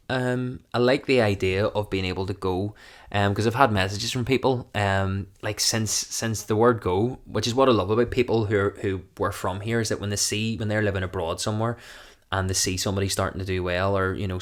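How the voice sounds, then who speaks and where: Northern irish comic, lowish voice, chatty rambling storyteller, laughs a lot. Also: male voice. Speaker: comedian answering viewer questions. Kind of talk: casual chat.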